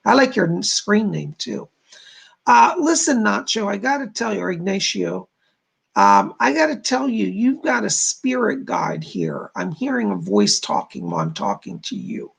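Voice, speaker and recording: Gravelly male psychic medium. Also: high-pitched, sing-song, normal speed, fairly bright tone. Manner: reads viewer comments aloud and relays spirit messages; informal, repeats "I gotta tell you". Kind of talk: live-stream psychic readings.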